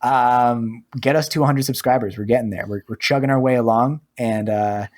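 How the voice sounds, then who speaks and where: A man co-hosting a podcast, chatting in a relaxed, rambling way with lots of fillers. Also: medium pitch, normal speed. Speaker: podcast co-host. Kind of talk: casual podcast chat.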